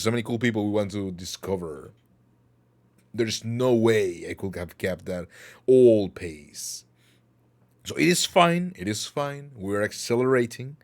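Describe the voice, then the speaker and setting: Male livestream host with a lowish voice, rambling and jokey, fakes anger for laughs. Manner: playful, rambling, mock-angry banter with chat. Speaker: talk show host. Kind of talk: casual livestream chat.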